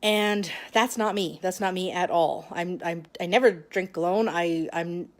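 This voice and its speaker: A woman vlogger sharing a personal story straight to camera. She talks in a halting way, with frequent restarts and long pauses, and sounds emotional and close to tears. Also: fairly low pitch. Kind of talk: personal confessional talk to camera.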